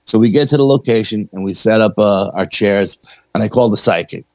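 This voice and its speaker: A man's voice: on the low side, fairly quick, dry recording, rough recording. A middle-aged man, a paranormal investigator, telling a story in a chatty, anecdotal way and acting out the dialogue he quotes. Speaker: paranormal investigator, podcast guest. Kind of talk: casual storytelling.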